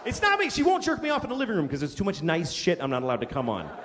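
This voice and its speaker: A man's voice: fairly high pitch, huge pitch swings, racing, noisy background. A man performing a stand-up comedy routine, telling stories in a profane, exasperated way. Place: comedy venue on stage. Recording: reverberant club with loud crowd laughter.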